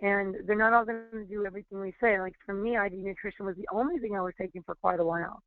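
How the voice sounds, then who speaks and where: A woman's voice: medium pitch, fairly even intonation, quick pace, no echo. A woman in her thirties giving a webinar talk as a wellness trainer, telling stories in a chatty way with many fillers and restarts. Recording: tinny phone-line audio.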